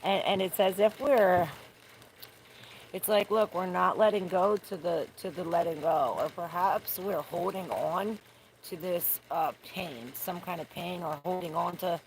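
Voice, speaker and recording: Low gravelly woman reading tarot outdoors. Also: steady tone, unhurried. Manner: rambling, searching for words, swears casually. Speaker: tarot reader. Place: outdoors in the rain. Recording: noisy outdoor recording with rain.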